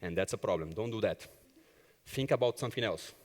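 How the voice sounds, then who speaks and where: This agile coach speaks a little fast in a voice on the low side, and the big room is audible. Delivering his conference talk from the stage, he tells personal stories with animation and performs the dialogue himself.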